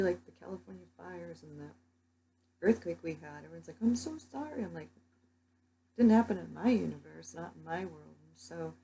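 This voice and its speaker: A soft-spoken young woman rambles through her dreams in a casual vlog, her pitch fairly low and her speech peppered with "like." The audio quality is poor.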